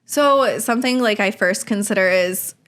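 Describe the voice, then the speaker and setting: Agreeable woman co-host, mid-pitched voice. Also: fairly bright tone. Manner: agreeable, affirming, quick back-channel replies. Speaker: podcast co-host, behavior analyst. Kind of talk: casual conversational podcast chat.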